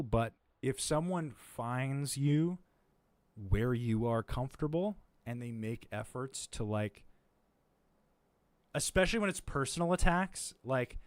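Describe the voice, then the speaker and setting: A man talking on his stream, rambling and thinking aloud, with the words trailing off and restarting often. His voice sits in a middle pitch. He is close to a desk mic, and the sound is dry. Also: dry recording. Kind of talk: casual chat.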